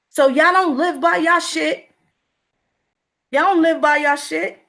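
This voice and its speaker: A woman's voice: high voice, steady tone, slow, long pauses, fairly bright tone. A woman giving a profane, repetitive livestream commentary, speaking in a confrontational way.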